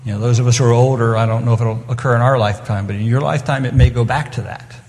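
A middle-aged preacher's evening sermon comes rapid-fire, his steady, slightly mellow mid-pitched voice earnest and conversational as he mimics the people he quotes. Each phrase trails off into a long hall reverb.

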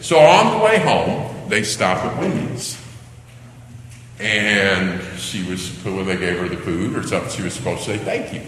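A man's voice: deep voice, a little slow. Older male preacher in an echoey hall. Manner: animated storytelling, acting out children's cries. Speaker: pastor. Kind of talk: sermon. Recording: echoey hall, faint background noise.

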